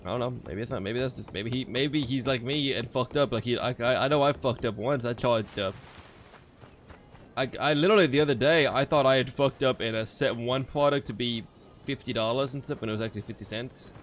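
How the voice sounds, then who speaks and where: A man's voice: medium pitch, fairly quick, a little hiss or hum. A man streaming a game, talking off the cuff in a rambling, profane way and getting easily exasperated. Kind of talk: off-the-cuff gaming commentary.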